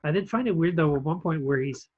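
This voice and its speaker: A man's voice: fairly high pitch, quick pace, darkish tone, no room sound, highs cut off. A man co-hosting a film review podcast, talking casually with many ums and restarts. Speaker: podcast co-host reviewing films. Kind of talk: casual chat.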